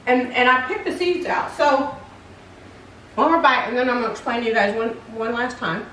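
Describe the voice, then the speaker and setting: A chatty woman with a drawl hosts her home cooking vlog, exclaiming over each bite. Her voice sits high, and it carries through a roomy kitchen. The mic stands a little away from her, with a faint hum behind. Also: fairly even intonation, normal speed, sharp tone, far from the mic. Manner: chatty, exclaims while tasting. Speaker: cooking channel host.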